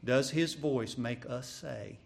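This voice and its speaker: A man preaching a sermon, swinging from hushed, drawn-out phrases to loud, pressing repetition. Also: mid-range voice, creaky. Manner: dramatic, swings from hushed to shouting, repeats phrases.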